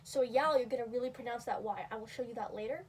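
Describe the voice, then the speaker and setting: Young woman, high voice, casual rambling tutorial delivery, mic a bit distant with faint noise. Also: fast, a little mellow. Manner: rambling, filler-heavy, self-deprecating. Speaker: video creator teaching cat vocals.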